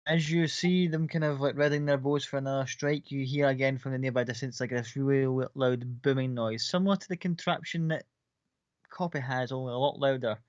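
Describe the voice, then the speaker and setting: A man's voice: medium pitch, fairly even intonation, fairly quick, no room sound, muffled recording. A man running a tabletop game as game master, narrating scenes casually and with some swearing.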